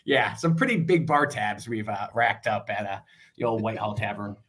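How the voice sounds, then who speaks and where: A man with a Western New York accent, chatting casually as a fan club president on a podcast, relaxed and quick to laugh. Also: fairly low pitch, slightly rough. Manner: relaxed, laughs easily, many fillers.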